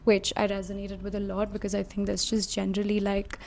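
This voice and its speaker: A woman's voice: medium pitch, completely flat delivery, fairly quick, gravelly, a little mellow. A woman from India reading a scripted video essay, reflective and lightly casual, with frequent hedging fillers. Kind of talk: scripted commentary.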